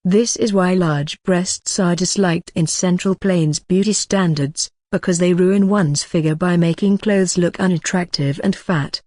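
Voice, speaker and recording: Audiobook narrator, mid-pitched, steady matter-of-fact read, dry close sound. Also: unhurried, hardly any pauses, no room sound. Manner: even, matter-of-fact reading. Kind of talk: scripted narration.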